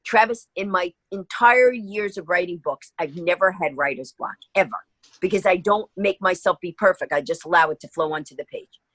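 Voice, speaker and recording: A woman's voice: lowish voice, normal speed, a bit bright, no echo. A middle-aged woman guest telling a story in a podcast interview, acting out both sides of the dialogue. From New York.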